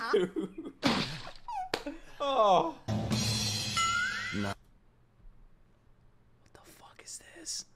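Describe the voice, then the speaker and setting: A young man streaming his reaction to an anime, swearing, laughing and shouting out in bursts. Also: fairly high pitch, heavy background noise. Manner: excitable, swears a lot, loud outbursts and laughs. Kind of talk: live reaction commentary.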